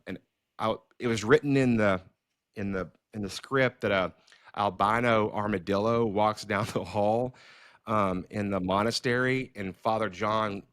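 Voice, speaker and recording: A middle-aged man with a lowish voice tells stories in loose, animated conversation. He restarts sentences and fills pauses often. The sound is dry and close, with no room around it. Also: no room sound. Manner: animated storyteller, many fillers and restarts. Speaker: filmmaker and podcast host. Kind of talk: casual storytelling conversation.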